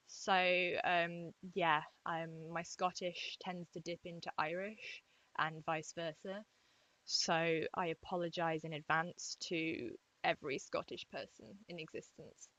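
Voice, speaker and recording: A young English woman vlogging at home to her webcam, chatty and self-deprecating, talking quietly so as not to wake the household. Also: lowish voice, fairly even intonation, slow pace, no room sound, highs cut off. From England. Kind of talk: casual webcam vlog. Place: room at home.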